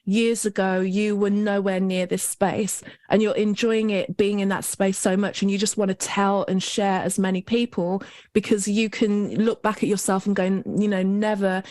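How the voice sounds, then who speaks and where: Woman podcast host, reflective and affirming, mid pitch, dry recording. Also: flat delivery, moderate pace, hardly any pauses, a little mellow, no room sound. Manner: reflective and affirming, many "like" fillers. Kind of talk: conversational podcast interview.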